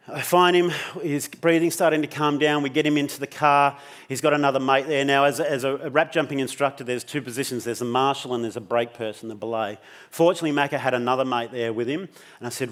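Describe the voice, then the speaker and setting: A man's voice: mid-range voice, steady tone, a little fast, a bit bright. A middle-aged Australian man giving a personal storytelling talk on stage, intense and emotional, swearing freely. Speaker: keynote speaker.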